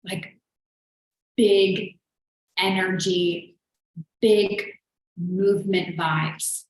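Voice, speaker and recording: A woman's voice: medium pitch, fairly even intonation, extremely slow. A woman business coach hosting a live show, talking in a chatty, earnest, motivational way with lots of "like". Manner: chatty and earnest, heavy use of "like". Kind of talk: motivational live-stream talk. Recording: very echoey room.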